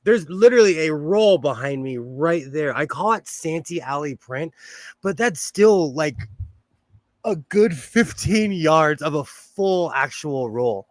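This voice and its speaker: A man's voice: fairly high pitch, expressive, slow pace, no echo. Chatty man hosting a sewing livestream. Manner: chatty and rambling, laughs often. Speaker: livestream host. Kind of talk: casual livestream chat while sewing. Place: home sewing room.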